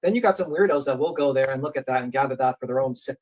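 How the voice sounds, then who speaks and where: A man's voice: medium pitch, racing, a little mellow, poor audio. A man from New York talking on a commentary channel, who rambles, swears and acts out the lines he quotes. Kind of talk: casual commentary chat.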